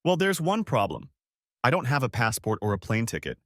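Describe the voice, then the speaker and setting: A desperate young wife, her voice raised higher and pleading for forgiveness, as a male narrator puts her on. The delivery swings with lively rises and falls. The recording is close and dry, with no room sound. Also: a little fast, no room sound. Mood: eager. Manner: desperate, begging.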